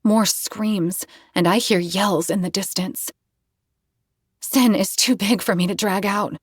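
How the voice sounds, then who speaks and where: A woman's voice: medium pitch, fairly even intonation, takes it slowly, husky, no echo, studio quality. A woman reading a novel aloud in first person, with tense, dramatic storytelling. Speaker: audiobook narrator.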